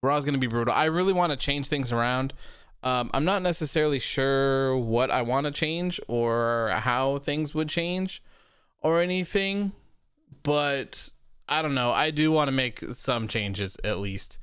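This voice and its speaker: A young man hosting a wrestling post-show livestream, chatting casually with a rambling, relaxed manner and reading out viewer comments. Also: mid-range voice, a little slow, clear, resonant tone, dry recording, studio quality. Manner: rambling and relaxed, many fillers and repeats.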